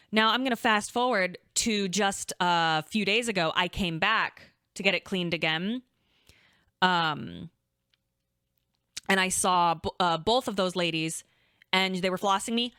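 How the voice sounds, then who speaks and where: A young adult woman co-hosting a podcast, telling a story in casual chat, animated and chatty, swearing freely and acting out quotes. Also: medium pitch, smooth, no echo, clean studio sound. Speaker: podcast co-host.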